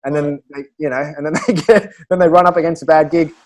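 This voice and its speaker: An Australian man, a stand-up comedian, telling animated stories in casual chat with quick restarts and laughs. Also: a little high. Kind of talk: casual storytelling.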